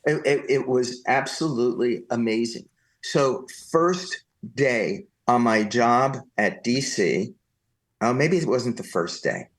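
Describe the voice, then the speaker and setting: A man from New Jersey recounts stories as a podcast guest. His voice sits at a middle pitch. He talks in a lively way and slips into the voices of the people he quotes. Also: slow pace. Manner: animated anecdotal storytelling, acts out quoted voices. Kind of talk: storytelling interview.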